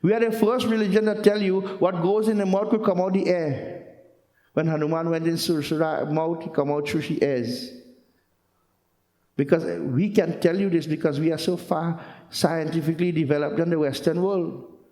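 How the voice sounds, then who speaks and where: Male storyteller-preacher, earnest, fairly high voice, reverberant hall. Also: steady tone, moderate pace, mellow. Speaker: religious storyteller. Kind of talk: storytelling sermon. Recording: roomy hall with long echo.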